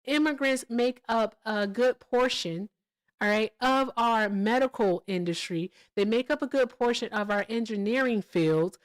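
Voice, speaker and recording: In a casual livestream, a woman chats and comments emphatically, swearing freely and frequently asking "all right?" or "okay?". Her voice runs on the high side, and she talks at a measured pace.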